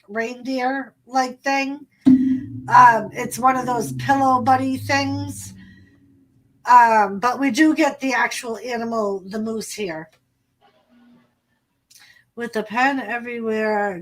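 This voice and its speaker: A woman's voice: fairly high pitch, a bit bright, low-quality recording. A woman hosting a casual livestream chat from her room at home, telling stories in a loose, profane way. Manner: unhurried, profane storytelling.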